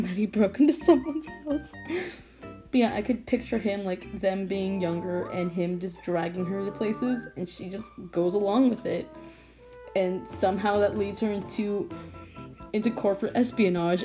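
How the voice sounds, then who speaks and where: A young woman rambling casually at home about her own character drawing, restarting sentences and laughing often. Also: medium pitch. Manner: rambling, self-interrupting, giggly. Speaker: artist vlogger. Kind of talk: casual late-night rambling.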